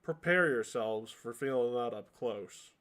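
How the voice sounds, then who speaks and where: A man's voice: mid-range voice, expressive, unhurried, a bit bright. A man narrating as game master of a tabletop game, casual and often restarting his sentences.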